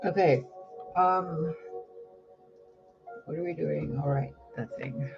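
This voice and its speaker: A woman's voice: low-pitched, slow, vocal fry. A woman tarot card reader in casual livestream chat, talking loosely and swearing now and then. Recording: dull lo-fi sound with music behind.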